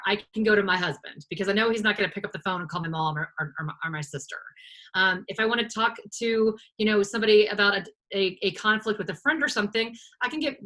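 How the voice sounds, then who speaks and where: A woman's voice: mid-range voice, bright, forceful tone. A woman presenting a live online workshop on a video call, talking with many fillers and restarts.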